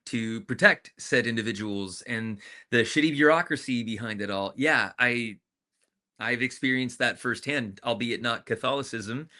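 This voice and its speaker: A man telling personal stories in an interview, animated and candid, swinging between loud and soft, swearing freely. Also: medium pitch, normal speed. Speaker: interview guest, professional dancer.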